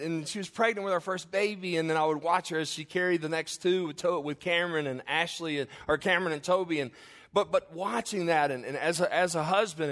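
A man's voice: on the high side, a bit bright. A middle-aged man preaching a sermon as a pastor, telling stories with humor and speaking straight to the congregation. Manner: humorous storytelling, addresses the congregation directly.

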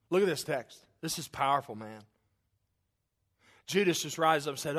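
A male pastor delivering a sermon with a high, bright-sounding voice. He preaches emphatically, repeating phrases as he builds intensity, then drops low and quiet. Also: animated, normal speed. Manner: emphatic, repetitive preaching with rising and falling intensity.

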